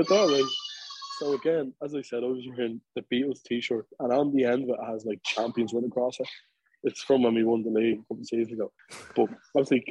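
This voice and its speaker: An Irish man from Dublin tells a lively pub story on a casual podcast, peppering it with fillers and swearing. His voice is husky and slightly rough. The sound is dry and close, with no room around it. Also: medium pitch, dry recording, low-quality recording. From Ireland. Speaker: podcast co-host. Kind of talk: casual chat.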